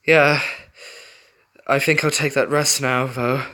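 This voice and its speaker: A man's voice: mid-range voice, little pitch movement, slow pace, bright, forceful tone. A man voicing a brave young male fox who leads his group, lifting his voice well above his own. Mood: winded.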